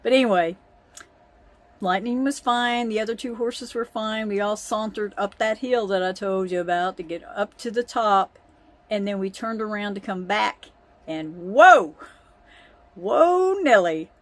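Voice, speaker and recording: A woman's voice: mid-range voice, steady tone, moderate pace. A woman telling a family story in a chatty way, often breaking into laughter. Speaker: vlogger. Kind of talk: casual storytelling.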